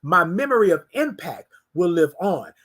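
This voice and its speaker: A host delivering an inspirational morning talk in an emphatic, preacherly way. The speaker keeps repeating key phrases and addresses listeners directly in casual slang. The voice sits at a middle pitch. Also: sing-song, normal speed, a bit bright, husky.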